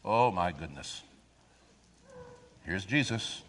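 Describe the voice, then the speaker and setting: A man preaching a sermon, reading scripture aloud and drawing the congregation in with call-and-response questions and sudden loud swells. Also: medium pitch, wildly swooping pitch, a little slow, long pauses, husky, in a large hall.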